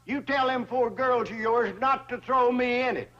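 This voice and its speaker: A man's voice: very high voice, fairly even intonation, moderate pace. An actor playing a boastful, girl-chasing old hillbilly man with a rural drawl in a sitcom. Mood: grumbling. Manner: rural drawl, comic and chatty. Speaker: bank customer. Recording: dull old TV audio with laugh track and hiss.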